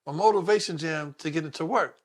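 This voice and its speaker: A man's voice: fairly high pitch, fairly quick. A middle-aged man, a police detective telling a story in an interview and acting out the voices of the people in it. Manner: animated, acts out the voices of people in his story.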